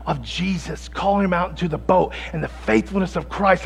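A man preaching a sermon, dramatic and casual, swinging from shouting to hushed asides. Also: high-pitched, a little fast, gravelly, few pauses, slightly rough.

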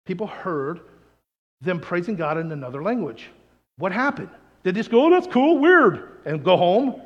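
A man preaching in a church hall, telling stories with animated acted-out voices for the people in them. His voice sits high, and the sound rings with a long hall reverb behind him. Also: moderate pace, dull audio. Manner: animated, acts out quoted people. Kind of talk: sermon storytelling.

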